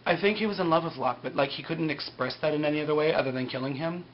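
A man's voice: fairly high pitch, quick pace, muffled recording, a little hiss or hum. A man giving a casual, sarcastic recap of a TV episode, telling it in a loose, offhand way. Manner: flippant, sarcastic, loose "he's like" storytelling. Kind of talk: casual recap with mocking asides.

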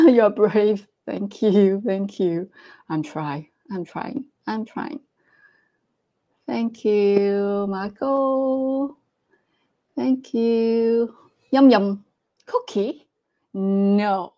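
Slow-talking woman hosting a livestream. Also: medium pitch, mellow, dull audio. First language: Cantonese. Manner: slow, halting, laughs often. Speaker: livestream host. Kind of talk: casual live-stream chat.

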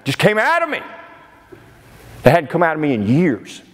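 A man preaching a sermon whose voice swings widely in pitch as he presses his points with emphatic disbelief. He sounds like he is in a church sanctuary, with long reverb hanging on his words. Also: wildly swooping pitch, moderate pace.

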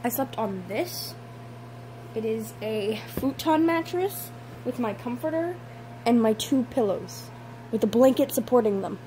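A tired young woman chatting casually in a home vlog, soft and hesitant with many pauses and ums. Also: a little high, animated, a little hiss or hum, low-quality recording. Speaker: vlogger. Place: home, indoors.

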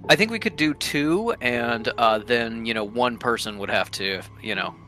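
A man voicing a boastful male mirror-image double of a player's character in a tabletop game, talking loud and brash. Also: mid-range voice, lively intonation, moderate pace, faint music behind. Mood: teasing.

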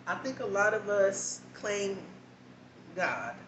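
Man, animated storytelling, candid asides, distant mic, noisy background. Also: high voice, slow pace. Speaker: vlogger. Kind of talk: storytime monologue. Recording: echoey room, distant mic, background noise.

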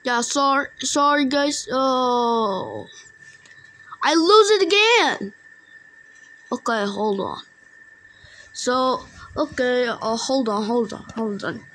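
A woman talks through a game in a high, bright voice. She speaks slowly and casually, then bursts into excitable taunts at other players. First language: Indonesian. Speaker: gamer. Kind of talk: casual gameplay commentary.

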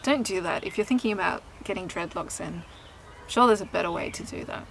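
A woman's voice: fairly low pitch, a little fast, vocal fry, fairly bright tone, a little hiss or hum, low-quality recording. A young woman chatting candidly to camera outdoors in a vlog, laughing often and swearing casually. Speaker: vlogger and singer. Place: outdoors in sunshine.

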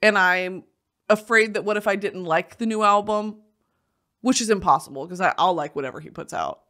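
A young adult woman hosting casual commentary, animated and swearing freely, with bursts of shouting and laughter. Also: medium pitch, normal speed. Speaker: host.

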